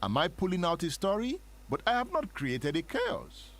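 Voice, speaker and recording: A man's voice: sits high, huge pitch swings, moderate pace, fairly bright tone. A man from Nigeria hosting a dramatic spoken history talk, with a sermon-like cadence and frequent rhetorical questions. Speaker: host.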